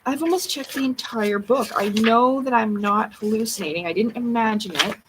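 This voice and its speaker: A woman's voice: a little high, normal speed. Woman muttering over a noisy recording. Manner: muttering, flustered, thinking aloud. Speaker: livestream host. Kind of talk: unscripted livestream talk to herself while searching a book.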